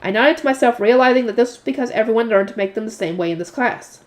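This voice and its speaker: Brief: woman narrator, slightly high voice, casual read-aloud with self-corrections. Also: fast talker. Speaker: narrator and channel host. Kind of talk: reading a light novel aloud with casual asides.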